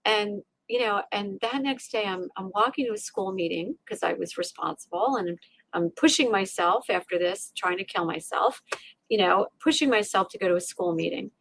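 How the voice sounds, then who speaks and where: A woman's voice: mid-range voice, normal speed, creaky, breathy edge, no echo. Middle-aged woman sharing a raw story. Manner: animated, acts out her inner voices, frequent restarts and tag questions. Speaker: guest, resilience coach. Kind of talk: emotional personal storytelling in a podcast interview.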